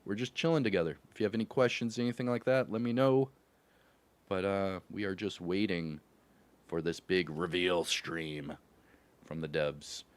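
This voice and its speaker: Sitting low in pitch, this Louisville, Kentucky man's voice moves at a moderate pace with no room sound. He's running a gaming livestream, casually chatting, laughing a lot, and greeting his chat with upbeat slang.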